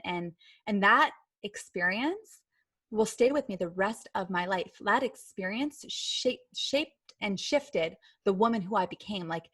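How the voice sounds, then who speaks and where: A woman's voice: mid-range voice, a bit bright, breathy edge, no room sound. A woman guest on a podcast, telling a personal story in a chatty way, full of filler words. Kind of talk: storytelling in a casual interview.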